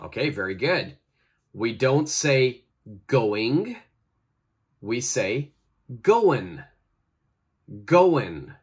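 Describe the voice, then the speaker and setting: A man teaching English pronunciation, leading slow repeat-after-me drills with deliberate, exaggerated pronunciation and encouraging praise. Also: mid-range voice, expressive, breathy edge.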